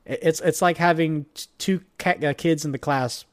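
A young man chatting casually and jokily as a podcast co-host, rambling and animated. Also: fairly high pitch, normal speed. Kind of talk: casual chat.

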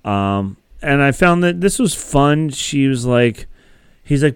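Smooth-voiced man recapping a show. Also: mid-range voice, animated, unhurried, no echo, clean studio sound. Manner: rambling, filler-heavy storytelling. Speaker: podcast co-host. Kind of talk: casual recap chat.

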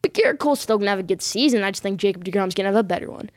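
A woman's voice: medium pitch, animated, very fast, no echo, clean studio sound. A woman hosting a sports vlog, giving her predictions in an emphatic, insistent way and backing them up with short repeated affirmations.

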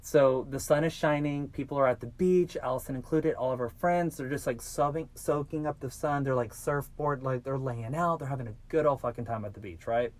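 A man hosting a podcast, telling a true-crime story in a casual, animated way and swearing freely. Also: medium pitch, brisk, hardly any pauses. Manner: animated, swearing, acts out quoted voices. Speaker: podcast host.

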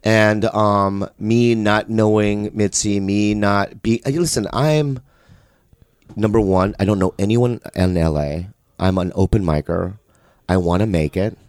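A man, a comedian, telling an earnest, halting story in casual podcast chat. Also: on the low side, a little mellow, smooth, dry recording, clean studio sound. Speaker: stand-up comedian.

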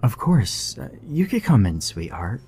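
A man's voice: mid-range voice, very animated, a little slow, gravelly, warm tone, slightly rough, voice pushed up, heavily acted. A man voicing a kind, lonely middle-aged woman who coos and reassures in a horror story reading. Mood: gentle reassuring. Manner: cooing and reassuring.

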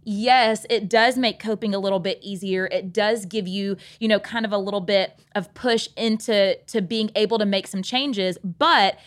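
A woman's voice: medium pitch, moderate pace, hardly any pauses. A woman co-hosting a podcast, introducing a guest and talking in an encouraging, chatty way. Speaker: podcast co-host. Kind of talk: casual podcast conversation.

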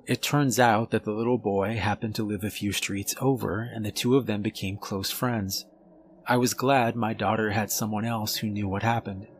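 A man reading a horror story aloud in a measured, calm storytelling manner. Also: lowish voice, a little hiss or hum. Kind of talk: scripted horror story narration.

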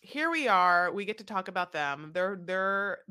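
A woman's voice: medium pitch, animated, unhurried, pushed and bright, clean tone. A woman co-hosting a podcast, chatting casually and sarcastically, rambling with lots of fillers. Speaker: podcast co-host. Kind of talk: casual chat recapping a reality show.

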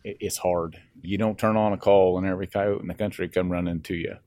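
A man's voice: low voice, fairly even intonation, brisk, dark tone, dry recording. A man who hunts coyotes, talking plainly and bluntly in a field interview outdoors. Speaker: coyote hunter. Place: outdoors in a pasture.

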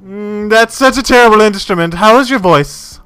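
A man's voice: sits high, moderate pace, pushed and bright, smooth, soft background music, pitched above the performer's own voice. A man voicing an eccentric old male appraiser who hums, ponders aloud and calls people "my boy". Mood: fussy. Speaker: non-player character.

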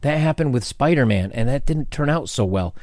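A man talking straight to his camera in a casual commentary rant, his pitch sitting in an ordinary middle range. He is animated and sarcastic, tossing in jokey asides and restarting his sentences often. The sound is dry and close, with no room around it. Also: brisk, dry recording. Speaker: commentary channel host. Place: home setting with changing sunlight.

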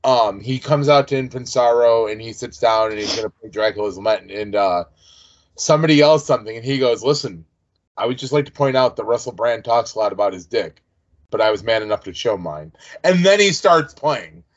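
A man's voice: mid-range voice, lively intonation, fairly quick. Chatty man co-hosting a podcast. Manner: chatty, tells long side stories. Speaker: podcast co-host. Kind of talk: casual chat. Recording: dull lo-fi sound.

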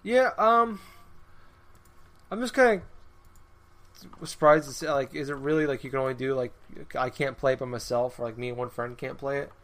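A man's voice: mid-range voice, normal speed, pauses often, fairly bright tone. Rambling young-sounding man chatting about games. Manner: rambling with many fillers. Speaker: podcast host. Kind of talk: casual gaming chat.

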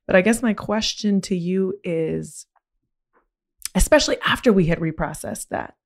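A young woman with a slightly low voice hosts a podcast and tells a personal story in open, candid conversation. She talks expressively and becomes animated as she relives the moment, leaning on "like" as she goes. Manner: animated, expressive retelling with frequent "like". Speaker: podcast host.

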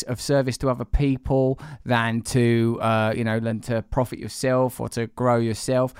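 Smooth-voiced man in his forties. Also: medium pitch, no echo, clean studio sound. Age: 40s. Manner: rambling, self-deprecating, swears casually. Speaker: podcast host. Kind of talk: casual podcast conversation.

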